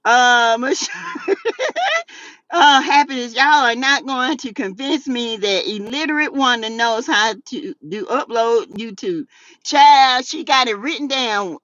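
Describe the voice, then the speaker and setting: A Southern woman hosting a casual gossip show, sassy and animated, laughing often as she reads out chat messages. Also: fairly high pitch, slow pace, no room sound, dull audio. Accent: Southern US, South Carolina. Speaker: YouTube talk show host. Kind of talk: casual gossip commentary reading live chat.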